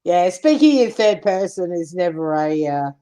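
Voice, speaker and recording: A woman co-hosting a casual live stream, adding measured side remarks. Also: on the low side, very animated, warm tone.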